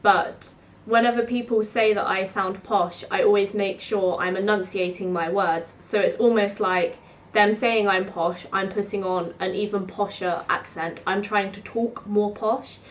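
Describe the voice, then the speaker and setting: A woman's voice: mid-range voice, fairly even intonation, a little slow, a little hiss or hum. A woman, telling rambling stories to camera in a chatty way, full of "like". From South East London. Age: 20s. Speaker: student vlogger. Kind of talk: casual storytelling to camera.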